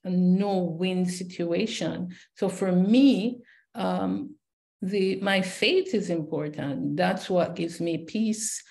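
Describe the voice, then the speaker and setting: A woman's voice: on the low side, creaky, darkish tone. A woman from Jamaica with a Jamaican accent, a scholar and poet speaking on a panel, reflective and searching, with many fillers and repeated starts. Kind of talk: panel discussion remarks.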